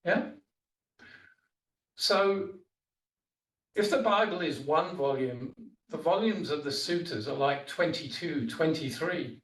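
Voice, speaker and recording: A Buddhist monk giving a dharma talk, chatting his way through stories with casual asides. His voice sits somewhat high for a man. He is picked up from a distance in a roomy meditation hall. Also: expressive, takes it slowly, long pauses. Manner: conversational storytelling with asides.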